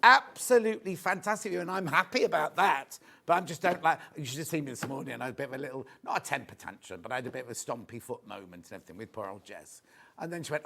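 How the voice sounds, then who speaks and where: A man's voice: fairly high pitch, animated, quick pace, creaky, a bit bright. A man presenting live home shopping, chatty and rambling, poking fun at himself. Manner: chatty, rambling, self-mocking.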